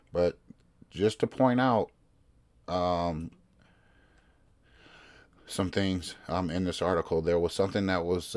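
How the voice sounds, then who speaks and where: A man hosting his own podcast, reading news articles aloud and commenting in a casual, rambling way, often stopping to search for his place. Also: deep voice. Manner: rambling, self-interrupting, reads articles aloud. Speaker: podcast host.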